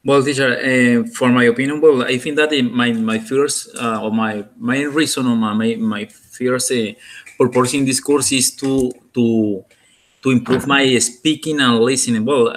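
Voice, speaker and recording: A man's voice: medium pitch, fairly bright tone. A male student whose first language is Spanish, answering hesitantly in an online English class and searching for words between many fillers. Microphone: video call.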